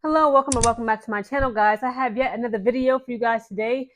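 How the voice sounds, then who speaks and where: A woman's voice: a little high, quick pace, slight background noise. A woman hosting her own channel, giving casual, chatty commentary to the camera and often checking in with her viewers. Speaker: channel host.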